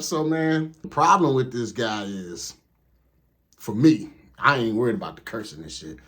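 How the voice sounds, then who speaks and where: A man's voice: mid-range voice, a bit bright. A man telling a comedic story about his trucking training in a casual, profane, slangy way. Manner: profane, laid-back, slangy. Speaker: truck driver.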